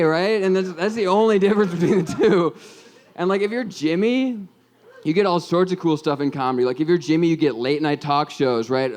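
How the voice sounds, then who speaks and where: A young man in his twenties from Minnesota works through a rambling, self-deprecating stand-up set. His voice sits a little high and comes across smooth and clear over a stage mic. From Minnesota, USA. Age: 20s. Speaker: stand-up comedian. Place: comedy club stage with audience.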